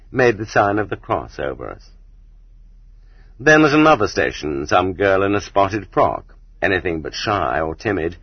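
A man narrating an audiobook in a steady, measured reading voice, recorded on dull cassette tape. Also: fairly low pitch, breathy edge, no room sound. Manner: steady, measured reading that rises sharply for quoted shouts. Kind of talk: scripted narration.

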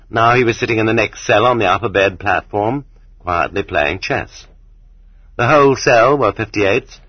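A man narrating an audiobook in a steady, measured reading voice, recorded on dull cassette tape. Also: deep voice, husky, no echo. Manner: steady, measured reading that rises sharply for quoted shouts. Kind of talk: scripted narration.

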